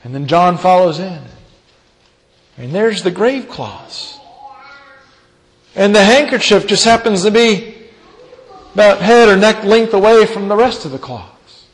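A man preaching a sermon, reading scripture and retelling it with dramatic storytelling and big swings in pitch and loudness. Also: expressive, a little slow, long pauses. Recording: long hall reverb.

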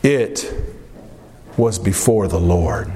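A man's voice: deep voice, drawn-out words, dark tone, a little hiss or hum, voice pushed down. A man voicing a humble but defiant king, speaking firmly and earnestly. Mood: resolute. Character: humble, defiant young king answering his wife. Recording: long reverb of a large hall.

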